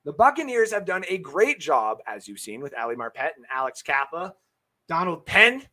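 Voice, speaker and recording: A man's voice: a little high, sing-song, normal speed, pushed and bright. A man hosting a live-streamed football talk show, brash and hyped, swearing freely and answering viewer comments from his webcam setup. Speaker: sports podcast host.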